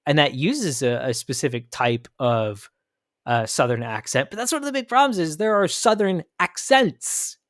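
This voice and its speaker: A man's voice: fairly high pitch, moderate pace, dry recording. Man, Pacific Northwest, podcast host, commentary, emphatic, restarts a lot, dry close sound. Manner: animated and emphatic, with frequent restarts. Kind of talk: commentary on a played clip.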